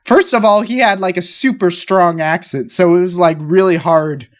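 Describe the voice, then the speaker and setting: A man's voice: high-pitched, normal speed. Rambling jokey young man. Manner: rambling, jokey, slips into put-on voices. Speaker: podcast co-host. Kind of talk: casual improv chat. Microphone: remote call mic.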